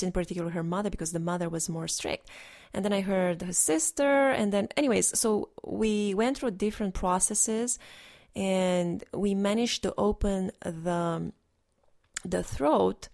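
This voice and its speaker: A woman's voice: mid-range voice, vocal fry, darkish tone. A woman energy healer in a casual, rambling monologue, earnest and instructive, with frequent restarts.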